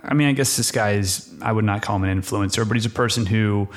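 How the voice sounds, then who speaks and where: A man's voice: on the low side, quick pace. A man co-hosting a podcast, asking curious, rambling questions full of fillers. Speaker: podcast co-host. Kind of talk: casual podcast chat.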